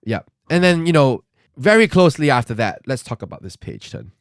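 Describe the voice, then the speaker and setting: A man co-hosting a podcast, chatting casually and excitably about a comic, laughing often. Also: mid-range voice, a little fast, no room sound, clean studio sound. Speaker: podcast co-host.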